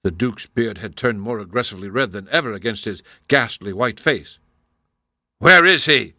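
Bright, crisp male audiobook narrator. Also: fairly low pitch, brisk, no echo, clean studio sound. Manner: even, formal storytelling. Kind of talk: scripted narration.

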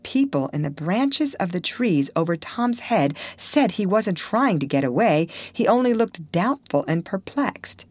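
A woman reading a classic novel aloud in measured, expressive audiobook narration. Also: mid-range voice, no room sound. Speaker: audiobook reader.

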